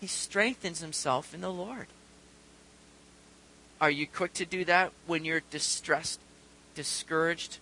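A male pastor delivers a sermon in a high, bright voice. He reads scripture aloud and moves from quiet earnest stretches to loud, urgent bursts. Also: fairly even intonation, slow pace, gravelly, long pauses, a little hiss or hum, low-quality recording.

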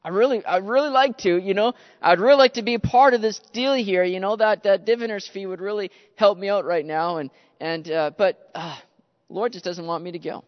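A preacher voicing a greedy prophet haggling in a casual, wheedling tone, fairly high for a man, and the sound is dull with a long hall tail. The paraphrase sounds modern and offhand. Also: brisk, lightly acted. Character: scheming greedy male prophet bargaining casually.

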